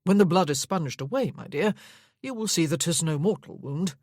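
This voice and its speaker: A woman reading an audiobook voices a nobleman who gives instructions in a firm, calm way. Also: lowish voice, normal speed, dry recording, studio quality. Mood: reassuring. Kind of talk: audiobook character voice.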